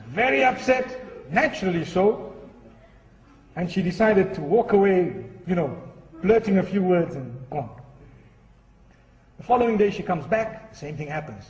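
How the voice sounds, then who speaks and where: A man's voice: high voice, lively intonation, normal speed, darkish tone, a little hiss or hum. A man preaching a sermon and telling a humorous story in an earnest, storytelling way. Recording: echoey hall, far from the mic.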